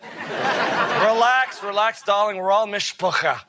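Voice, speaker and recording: A man's voice: sits high, slow, a crowd in the background, noisy background. A man playing an overemotional, gushing middle-aged female talk show hostess who sprinkles Yiddish words into her talk. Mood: emotional. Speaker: talk show host character.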